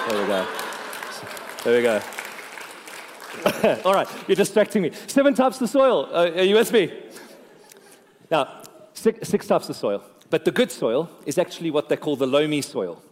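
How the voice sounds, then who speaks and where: A male pastor preaches in a lively, joking way, checking in with his listeners as he goes. His voice sits high and his words roll out into a church hall with a long, trailing reverb. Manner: lively, joking, talks to the congregation. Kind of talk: sermon.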